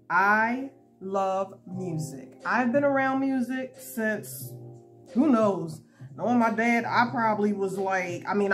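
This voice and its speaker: Slow-talking giggly woman crocheting at home, bouncy voice, faint lofi music behind. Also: medium pitch. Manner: giggly, chatty, animated storytelling. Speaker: crochet video host. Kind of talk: casual chat while crocheting. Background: soft lo-fi hip-hop music.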